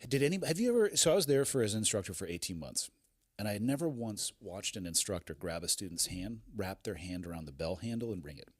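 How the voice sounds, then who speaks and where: Casting: fast husky male podcast host, emphatic. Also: on the low side, very animated, dry recording, clean studio sound. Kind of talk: casual interview talk.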